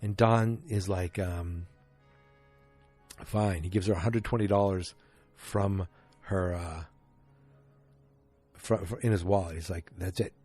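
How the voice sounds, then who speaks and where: A man's voice: fairly even intonation, takes it slowly, pauses often, a little mellow, faint music behind. A man hosting a podcast, casually recapping an episode and acting out the characters' lines as he goes. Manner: retells scenes, acting out the lines with pitch jumps; many fillers and restarts, chatty. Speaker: podcast host.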